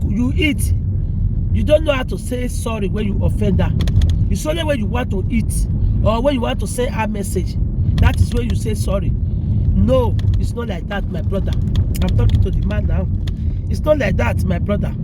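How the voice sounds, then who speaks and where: A man with a Nigerian English accent and Pidgin phrasing gives earnest, repetitive marriage advice outdoors on his way to work, calling listeners brother and sister. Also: sits high. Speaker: relationship advice vlogger. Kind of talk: preachy marriage advice monologue. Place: outdoors near a road, on the way to work. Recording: loud traffic noise outdoors.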